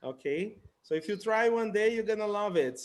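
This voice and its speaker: A man with a notably high speaking voice runs a relaxed English conversation class on a video call. He chats and laughs easily and repeats new words over and over for his students. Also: normal speed. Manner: chatty, laughing, repeats words to teach them. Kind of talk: casual online conversation class.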